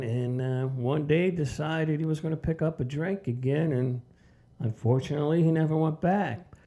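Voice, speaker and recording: A man's voice: mid-range voice, mellow. An older man hosting a sobriety channel, telling a personal story in a casual, plainspoken way with lots of "you know" and "man".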